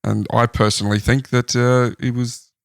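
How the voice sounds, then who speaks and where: A man hosting a casual podcast, retelling researched facts about a life story in a relaxed way. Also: medium pitch, normal speed, gravelly, no echo, clean studio sound. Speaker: podcast host. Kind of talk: casual chat.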